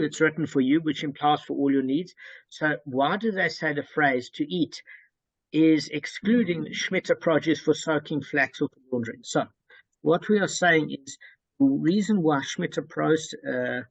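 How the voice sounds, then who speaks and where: Gravelly man leading a Talmud study. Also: a little high, dry recording, muffled recording. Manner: methodical, restates points with many fillers. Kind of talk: explaining a Talmud text to a study group.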